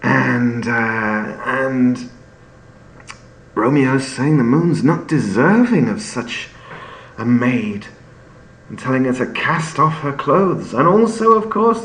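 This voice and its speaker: Slow-talking man explaining a play. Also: mid-range voice, lively intonation, slight background noise. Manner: unhurried, with filler-filled restarts. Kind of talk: storytelling explanation with readings. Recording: echoey room with faint ambience.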